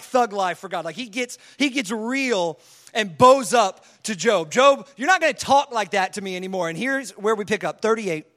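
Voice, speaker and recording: A young man preaching a casual, energetic sermon, acting out lines with lots of energy. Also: high-pitched. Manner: energetic, casual, acts out voices of God and people.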